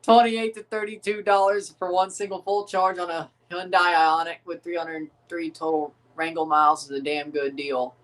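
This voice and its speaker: A man's voice: on the high side, level tone, moderate pace, few pauses, fairly bright tone, far from the mic. A man hosting a livestream, giving loose reaction commentary on a football match, laughing often, swearing and calling out the match minutes. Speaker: livestream host. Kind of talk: casual watchalong reaction commentary.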